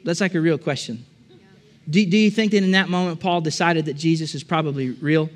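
Male preacher, high voice, conversational sermon building to emphatic repeated phrases. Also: a little fast. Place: church with a balcony.

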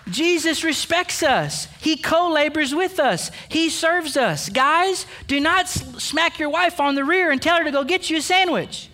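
A man's voice: extremely high pitch, expressive, unhurried, hardly any pauses, pushed and bright. A man pastor preaching a sermon, emphatic and direct, calling out the men with playful asides. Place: church sanctuary.

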